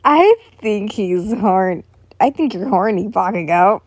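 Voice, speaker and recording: A woman's voice: medium pitch, lively intonation, slow pace, no echo. A woman reading a story aloud, voicing a cheerful young nobleman who teases his friend playfully. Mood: teasing. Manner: playful, teasing.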